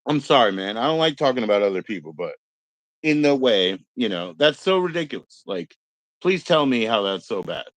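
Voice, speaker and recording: This rough, echo-free recording captures a middle-aged livestream host who is very animated, speaking at normal speed in a mid-range, fairly bright voice. He wanders from topic to topic, swears freely, and ridicules others by doing put-on voices.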